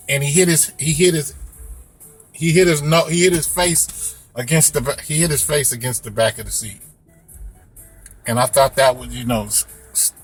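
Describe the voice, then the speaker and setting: Speaking to camera, a young rideshare driver tells a story in a casual, animated style, imitating squeaky sounds along the way.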